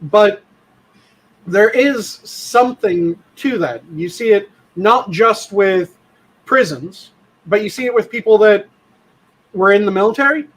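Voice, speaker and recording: A man's voice: high voice, unhurried, poor audio. A man co-hosting a podcast in casual chat, blunt and profane, explaining things at length. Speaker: podcast co-host.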